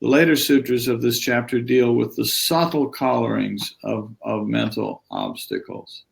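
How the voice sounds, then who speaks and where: A man's voice: medium pitch, very animated, measured pace, gravelly. A man teaching a live-streamed yoga lesson in a rambling, conversational way, chatting with viewers as he goes.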